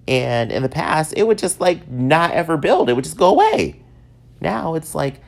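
A man in his thirties from upstate New York, telling self-mocking stories in a casual, animated way. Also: creaky. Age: 30s. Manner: animated, self-mocking, swings up high for acted quotes. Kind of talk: casual storytelling monologue.

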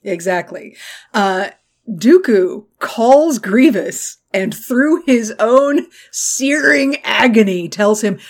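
Animated Texan woman chatting. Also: on the high side, takes it slowly. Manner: animated, laughs often, swears casually. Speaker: podcast co-host. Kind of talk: casual chat.

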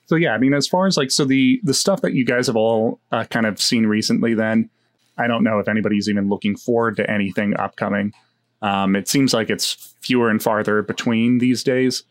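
A man's voice: lowish voice, fairly even intonation, brisk. A man hosting a casual movie chat, rambling along with many fillers and restarts. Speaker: podcast host.

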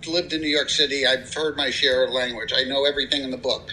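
A man's voice: medium pitch, fairly even intonation, fast, sharp tone, slight background noise, low-quality recording. A man voicing a worldly city man in a joke, answering with plain, self-assured retorts. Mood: boastful.

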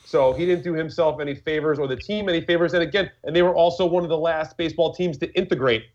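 A man with a slightly high voice, talking casually in a podcast and rambling through stories with lots of fillers and swearing. The sound is dull and lo-fi. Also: quick pace. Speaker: podcast co-host. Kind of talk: casual chat. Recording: lo-fi muffled audio.

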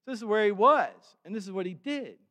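A man preaching a sermon in a conversational way, with sudden bursts of loud emphasis. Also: high voice, expressive, brisk. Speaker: pastor. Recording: long hall reverb.

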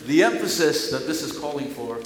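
A man preaching a sermon to a congregation, swinging between loud, emphatic scripture reading and quiet, chatty asides. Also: a little high, animated, a little fast, slight background noise. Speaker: pastor. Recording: echoey room with faint ambience.

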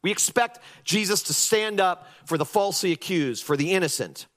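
A male pastor preaching a lively sermon, throwing his voice into mocking impressions of critics and pressing his points with emphasis. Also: sits high, moderate pace.

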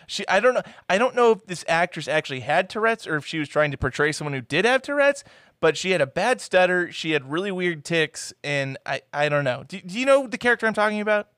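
A man's voice: fast talker, no echo, clean studio sound. A man co-hosting a podcast, chatting casually about a movie and swearing as he does mocking character voices. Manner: animated, swearing, mimics film characters in high shouts. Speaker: podcast co-host. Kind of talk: casual movie-review chat.

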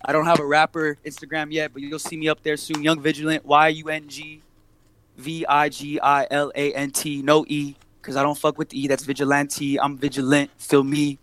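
A man's voice: on the high side, completely flat delivery, moderate pace, a bit bright. Young man telling a heated, profane story. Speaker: podcast guest, barber and rapper. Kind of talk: casual storytelling chat.

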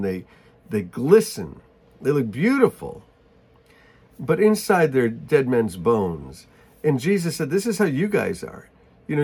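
Husky man teaching through a Bible passage. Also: mid-range voice, darkish tone. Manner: reads scripture aloud, then explains it in casual asides; clears throat often. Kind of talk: Bible reading with commentary.

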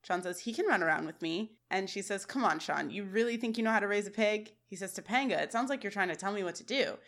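A woman's voice: mid-range voice, a bit bright. Woman podcast host, recaps episodes scene by scene, laughs a lot, chatty. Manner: giggly, retells scenes with quick quoted lines. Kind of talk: casual chat and scene recap.

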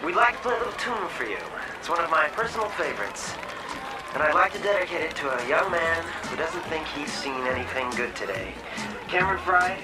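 A man's voice: fairly high pitch, expressive, brisk, echoey room, lightly acted. An actor playing a cocky teenage boy addressing a parade crowd in showman announcer patter, from a film clip. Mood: showy. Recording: distant voice over loud music.

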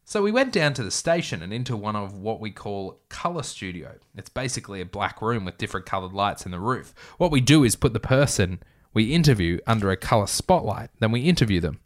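A man's voice: on the low side, big pitch swings, fairly quick. Man reading his story with wry asides. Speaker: reader of his own story.

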